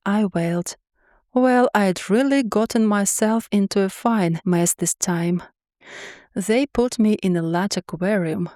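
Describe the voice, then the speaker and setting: A woman narrating a funny first-person fantasy story in a lively, wry way. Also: mid-range voice, no echo, clean studio sound.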